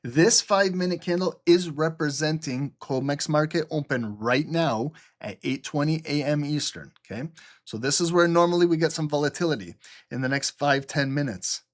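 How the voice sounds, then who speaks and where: A man's voice: a little high, moderate pace. A man hosting a trading livestream, explaining the market live and often checking in with "okay?" while answering viewer chat.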